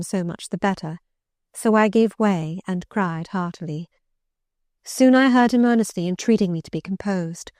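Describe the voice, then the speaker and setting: A woman narrating a classic novel in the first person, measured and earnest. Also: medium pitch, dry recording, clean studio sound. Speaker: audiobook narrator.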